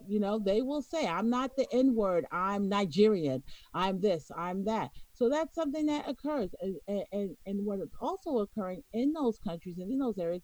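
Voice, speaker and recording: A woman's voice: fairly high pitch, mellow, dry recording, poor audio. A woman from New York with a New York accent, co-hosting a podcast in a casual, opinionated way, emphatic and lecturing, often checking in with "okay?". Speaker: podcast co-host.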